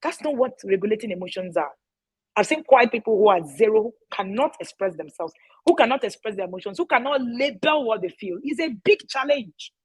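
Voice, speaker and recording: Woman, high voice, emphatic, repeats key phrases, casual talk to parents. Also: expressive, fairly quick, slightly rough, rough recording. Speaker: parenting educator.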